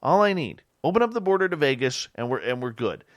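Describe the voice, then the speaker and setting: A man's voice: a little high, fast, no room sound, studio quality. A man hosting a radio show, chatting casually and jokily with his guest, sometimes turning self-deprecating. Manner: jokey, animated, self-deprecating. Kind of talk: casual interview chat.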